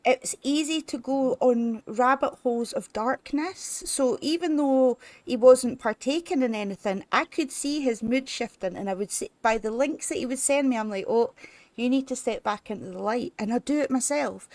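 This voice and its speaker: A woman hosting a live stream tribute, talking in a chatty, casual way with quick laughing asides. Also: sits high, darkish tone, no echo. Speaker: stream host. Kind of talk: casual chat.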